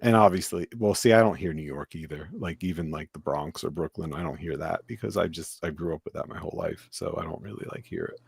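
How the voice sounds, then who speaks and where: Gravelly low-voiced man chatting casually. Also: fast, few pauses, no room sound, studio quality. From United States. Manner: rambling, full of fillers and restarts. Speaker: podcast host. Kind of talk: casual chat.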